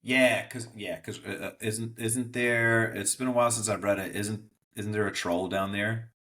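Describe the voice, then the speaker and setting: A man's voice: lowish voice, fairly even intonation, normal speed, bright, forceful tone. A man co-hosting a podcast in casual chat, rambling and hesitant, fond of quoting movies. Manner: rambling, hesitant, many fillers and restarts, quotes movies. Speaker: podcast co-host.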